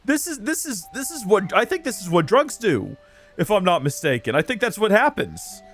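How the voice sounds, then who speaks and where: A man narrating his video game play with lots of joking exasperation and rambling asides. His voice sits fairly high and bounces around a lot in pitch, with faint game music underneath. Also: big pitch swings, normal speed, a bit bright. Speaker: let's play host. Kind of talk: game commentary.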